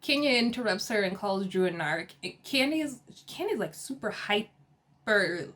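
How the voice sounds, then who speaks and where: A woman recapping a reality TV episode in a casual, sassy and animated way, with slang and laughter. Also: mid-range voice, moderate pace. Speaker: TV episode reviewer.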